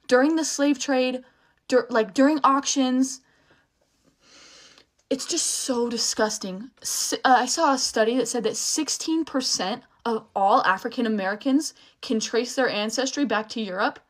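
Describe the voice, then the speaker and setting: A young woman rants straight to her viewers in a casual vlog. Her voice sits a touch high, and she talks in a heated, profane rush, stopping and restarting as her thoughts run ahead.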